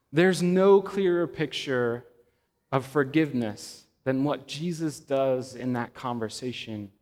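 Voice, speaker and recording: Slow-preaching man in a reverberant hall. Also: mid-range voice. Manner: slow, measured delivery with dramatic pauses and rising emphasis. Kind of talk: sermon. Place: church sanctuary. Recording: long reverb of a church hall.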